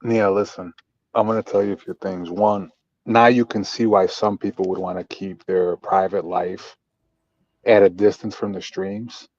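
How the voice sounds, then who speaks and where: A man with a fairly low voice speaks calmly and deliberately, offering advice. The audio is dull and muffled, with a dry close sound and no echo. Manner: calm, measured, gives advice. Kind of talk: casual chat on a livestream.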